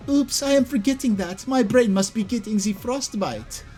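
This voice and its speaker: A man's voice: very high voice, moderate pace, darkish tone, soft background music, voice pushed up. A man voicing a pompous young male coyote with a put-on French accent, read from a comic.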